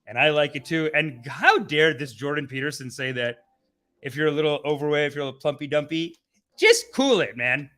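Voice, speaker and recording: Bright-voiced excitable man ranting. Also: on the high side, fairly quick. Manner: profane, rambling, excitable; laughs often mid-sentence. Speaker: host. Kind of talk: casual live-stream rant.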